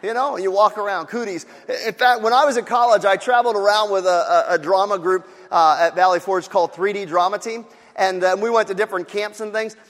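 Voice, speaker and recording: A middle-aged male pastor preaching a sermon in a church, swinging from hushed, intimate passages to shouted emphasis. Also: sits high, fairly quick, few pauses. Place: church hall. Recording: long hall reverb.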